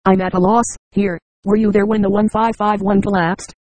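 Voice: mid-range voice, level tone, normal speed, darkish tone, dry recording, muffled recording, natural voice. A synthetic text-to-speech narrator voicing a guarded young woman who speaks bluntly and threatens when pressed. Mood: wary. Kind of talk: audiobook dialogue.

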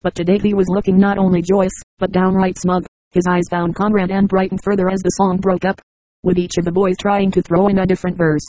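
Audiobook narrator, flat delivery, dry close mic, mid pitch. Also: brisk, no room sound, rough recording. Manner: even, steady reading.

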